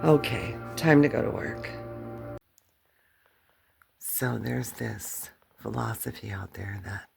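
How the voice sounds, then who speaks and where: A woman's voice: a bass voice, slow, vocal fry, pauses often, darkish tone, soft background music. An older woman chatting casually to her viewers from a cluttered home workspace, rambling and poking fun at herself, audibly worn out. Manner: rambling, chatty, self-mocking. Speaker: channel host. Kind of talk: casual talk to camera.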